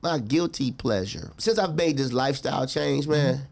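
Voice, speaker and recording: A middle-aged man talking earnestly as a guest in a casual interview, reflective and quick to laugh. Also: medium pitch, creaky, a little mellow.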